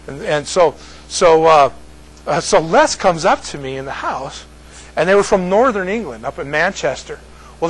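Husky high-voiced older man storyteller. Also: fairly bright tone, rough recording. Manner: rambling, repeats words, laughs at own story. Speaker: speaker addressing a group. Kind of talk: casual storytelling.

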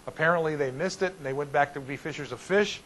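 Guy pastor doing casual bible study, kinda high voice, folksy and animated, lots of restarts. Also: fast, a little hiss or hum, rough recording. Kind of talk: informal Bible study teaching.

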